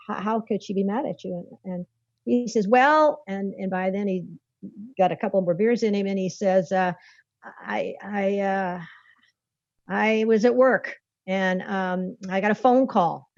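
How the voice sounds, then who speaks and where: A woman spinning a long, rambling story in a folksy, conversational way, often laughing between phrases. Her voice sits at a middling pitch. The recording sounds dull and lo-fi, with no room echo at all. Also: vocal fry. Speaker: guest author.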